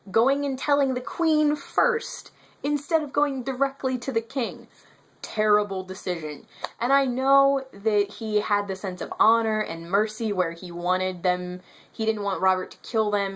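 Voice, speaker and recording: A woman's voice: mid-range voice, fairly bright tone. A woman talking casually to camera in a book review vlog, rambling, correcting herself and turning emphatic when annoyed. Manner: gestures with her hands while talking. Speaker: book vlogger.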